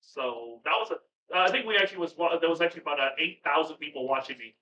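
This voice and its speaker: A man in casual chat as a podcast guest, rambling and excitable, swearing now and then, on a video call. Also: a little high, fast talker. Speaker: podcast guest, cooking streamer. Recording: far-off, roomy, dull sound with hum.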